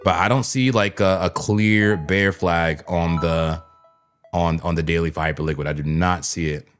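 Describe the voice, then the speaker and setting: A man's voice: deep voice, steady tone, moderate pace, soft background music. A man hosting a crypto trading livestream, chatting loosely with his viewers and rambling with plenty of "like" and "man.". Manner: talks straight to chat viewers. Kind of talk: casual live trading commentary.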